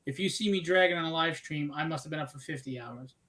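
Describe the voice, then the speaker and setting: Male live-stream host, slightly high voice, talkative, casual and upbeat. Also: fast talker, bright, forceful tone. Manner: chatty and upbeat, self-mocking. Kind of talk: casual chat.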